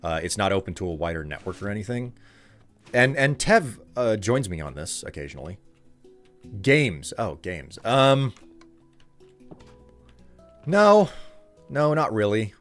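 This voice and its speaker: Over soft background music, a man with a voice on the low side chats casually with viewers while live-streaming a game. He's sing-song and unhurried, pausing often, and rambles loosely with lots of fillers and restarts.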